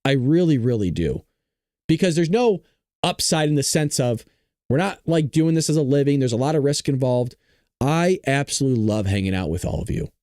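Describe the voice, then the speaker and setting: A man hosting a live-stream political commentary show, chatty and reacting to his chat, hoarse from losing his voice. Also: medium pitch, animated, a little fast, darkish tone, no room sound, studio quality.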